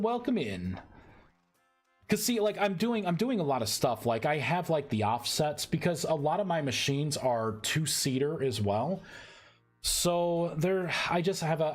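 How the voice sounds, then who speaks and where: A man streaming live as he codes a game mod, thinking aloud in a halting way and often repeating words. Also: fairly high pitch. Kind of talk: live-stream coding commentary.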